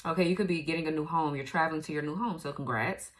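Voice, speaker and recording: A woman's voice: low voice, quick pace. A woman giving a casual tarot reading, blunt and profane, laughing often as she goes. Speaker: tarot reader.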